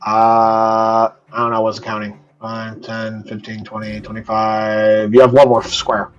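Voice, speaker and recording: A man's voice: on the low side, completely flat delivery, a little slow, muffled recording, soft background music. A man narrating as game master in a casual, profane way, explaining rules as he goes.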